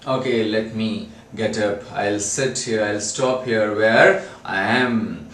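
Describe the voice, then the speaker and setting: A man's voice: on the low side, slow pace, a bit bright, a little hiss or hum. A man voicing a frightened, skeptical male doctor who exclaims in disbelief. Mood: incredulous. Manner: incredulous, exclaiming. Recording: roomy, distant mic, faint ambience.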